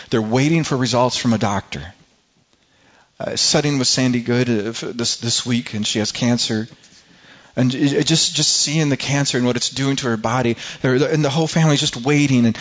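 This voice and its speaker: A middle-aged man preaching a sermon, talking it through in a loose storytelling way with many restarts, and at times swelling with excitement. His pitch sits in the middle for a man, and the recording sounds a little dull and lo-fi. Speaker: pastor.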